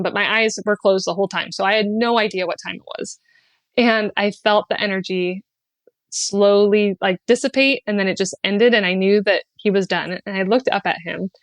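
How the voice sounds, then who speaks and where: A woman guest on a podcast telling a personal story in an earnest, heartfelt way, sliding into lively acted-out quotes and laughs, with many fillers. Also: mid-range voice, dry recording. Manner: animated when acting out quotes, often laughing. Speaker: podcast guest, spiritual guide.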